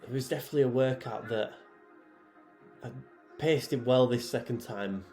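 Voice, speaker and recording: Mellow-voiced man, chatty commentary. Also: medium pitch, moderate pace, soft background music. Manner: relaxed and chatty, with many fillers and restarts. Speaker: head programmer and athlete. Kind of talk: casual voice-over commentary on his own workout footage.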